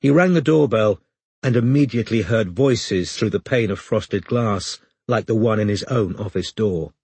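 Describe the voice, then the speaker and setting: A man narrating an audiobook in a measured storytelling manner, close to the mic. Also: fairly low pitch, a little mellow, husky, dry recording.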